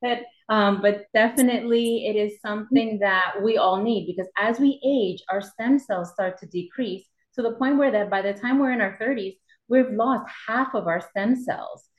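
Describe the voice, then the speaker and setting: A woman speaking at a medium pitch as a guest doctor, walking through an explanation in a steady, measured way. Her voice carries the echo of a reverberant room. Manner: measured explanation, occasional slips. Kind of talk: explaining in an interview. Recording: echoey room.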